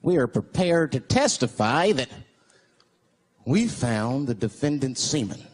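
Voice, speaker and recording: A male comedian voicing a solemn male forensic expert who testifies in court in a slow, formal, deadpan way. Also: medium pitch, pitched below the performer's own voice.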